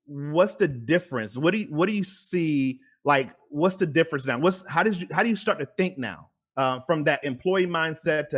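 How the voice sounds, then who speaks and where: A man's voice: fairly high pitch, lively intonation, moderate pace, hardly any pauses, fairly bright tone. A man hosting an interview show, talking casually with lots of fillers and repeated words. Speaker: podcast host.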